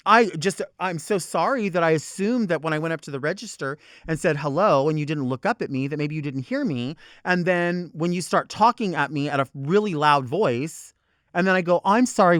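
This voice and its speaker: Sassy ranting male host, lively pitch. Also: no echo, clean studio sound. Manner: sassy, exasperated, profane. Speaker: talk show host. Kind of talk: unscripted comic rant.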